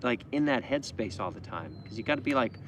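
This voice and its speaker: A man's voice: mid-range voice, lively intonation, fairly quick, a little hiss or hum. Easygoing man reading viewer questions. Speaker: livestream co-host. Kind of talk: casual livestream chat.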